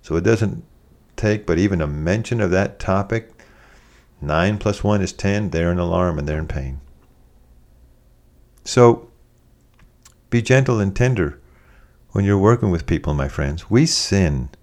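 A man delivering a sermon in a low, gravelly voice. He preaches in a lively, conversational way and acts out the people he quotes. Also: measured pace, pauses often.

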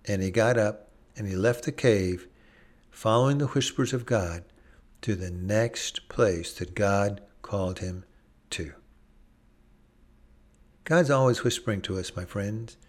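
A man's voice: fairly low pitch, unhurried, pauses often. A man preaching a sermon, earnest, with varied pacing, briefly acting out voices from the stories he tells. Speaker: pastor.

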